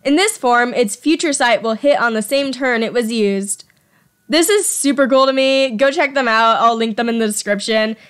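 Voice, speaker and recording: A woman's voice: a little high, moderate pace, smooth. A young woman talking casually over her drawing at home, chatty and self-deprecating, sometimes tripping over her words. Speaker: artist presenting her fan creature designs.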